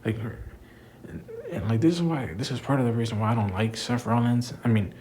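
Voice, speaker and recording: Brisk and lively in intonation, this young man's mid-range voice carries a slightly mellow quality as he rants about wrestling. He's a wrestling commentator vlogger who curses a lot, sounds exasperated, and says "bro" often; there's a little hiss or hum.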